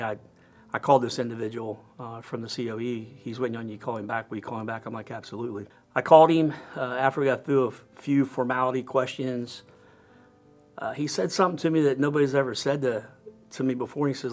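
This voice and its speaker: Earnest middle-aged man, halting testimony. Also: mid-range voice. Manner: earnest, halting, with many fillers and restarts. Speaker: firefighter lieutenant. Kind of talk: personal testimony.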